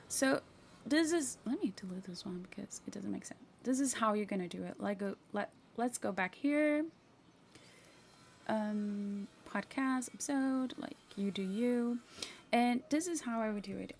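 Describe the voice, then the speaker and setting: A woman hosting a casual software tutorial, chatty and self-mocking, talking to herself as she clicks through. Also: medium pitch, vocal fry. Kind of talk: casual screen-share tutorial.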